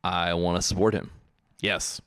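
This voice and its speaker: A man's voice: sits low, flat delivery, a little slow, a bit bright, dry recording. An American man co-hosting a podcast, reading listener mail aloud in a dry, amused way. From United States. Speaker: podcast co-host.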